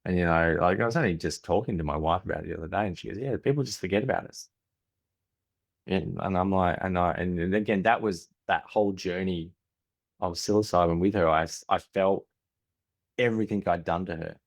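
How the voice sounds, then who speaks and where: A man in his forties with an Australian accent speaks in a low, deep register. As a podcast guest he tells candid stories, stumbling and restarting mid-sentence, and plays out his family's lines in conversation. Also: fairly quick, gravelly. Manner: frequent restarts, acts out family dialogue.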